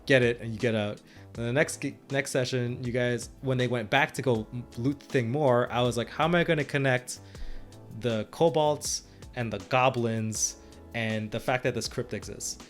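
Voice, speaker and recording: A man's voice: mid-range voice, steady tone, moderate pace, soft background music. A man co-hosting a podcast and retelling his tabletop game sessions as game master, rambling with frequent restarts and laughs. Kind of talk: casual chat.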